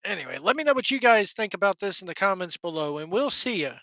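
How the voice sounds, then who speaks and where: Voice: medium pitch, sing-song, fast talker, bright, forceful tone, no echo. Blunt, sarcastic wrestling vlogger. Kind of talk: casual opinion rant.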